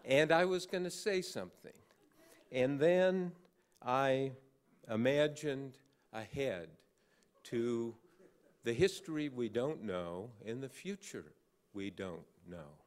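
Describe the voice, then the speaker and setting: A man's voice: medium pitch, takes it slowly. An older man giving an award acceptance speech, telling an anecdote with dry, wry humor. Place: large banquet hall with an audience.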